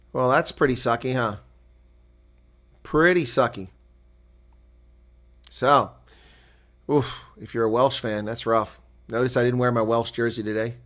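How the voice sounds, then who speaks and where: A man doing live play-by-play and reaction for a rugby match, who builds to shouting on big plays, then drops to relaxed, chatty talk and replies to viewer chat. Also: mid-range voice. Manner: reads out and answers viewer chat.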